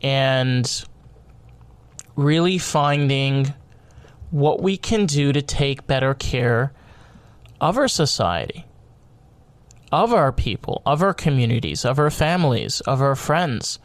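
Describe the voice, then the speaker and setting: A man with a somewhat high voice delivers a heated podcast monologue. He rambles, repeats himself and restarts his sentences, swearing freely as he pushes his point. The sound is close and dry, with no room echo. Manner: grows loud and high-pitched when worked up. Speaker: podcast host.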